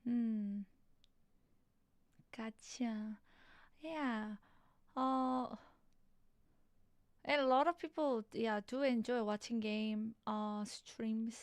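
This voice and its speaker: Slow, soft-spoken woman host. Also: on the high side, smooth, dry recording. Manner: slow, soft-spoken, with frequent small laughs. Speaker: piano livestream host. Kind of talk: casual chat.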